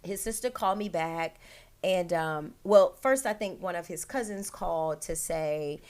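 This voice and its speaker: A woman's voice: lowish voice, unhurried. A woman hosting her own show, telling an emotional personal story straight to her listeners with many "like" and "right?".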